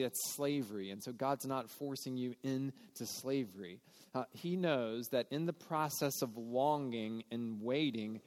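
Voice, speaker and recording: A man's voice: mid-range voice, big-room sound. A man preaching a sermon in a conversational, earnest way, often acting out quoted voices. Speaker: pastor.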